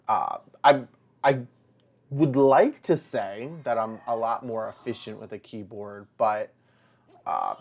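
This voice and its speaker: A young man in casual gameplay commentary, telling rambling stories while chatting to the characters on screen. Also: medium pitch. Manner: rambling storyteller, chats to the game characters. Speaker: let's play host.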